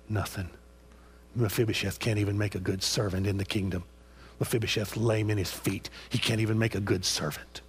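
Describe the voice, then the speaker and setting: A man's voice: on the low side, steady tone, a little fast, a little hiss or hum. A man preaching a sermon with passion, repeating phrases and prodding his listeners with "huh?" after each point.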